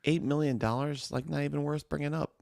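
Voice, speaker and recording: A man's voice: on the high side, steady tone, fairly quick, vocal fry, a little mellow, no echo, studio quality. A man co-hosting a podcast, teasing and playful in casual chat. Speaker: podcast co-host.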